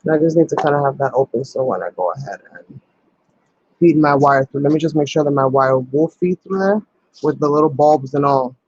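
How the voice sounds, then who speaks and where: Chatty crafter with a dull, dry sound. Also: male voice, fairly high pitch, a little fast, darkish tone, slightly rough, no room sound. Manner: chatty, thinks aloud with many ums. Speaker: crafting channel host. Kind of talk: casual crafting tutorial.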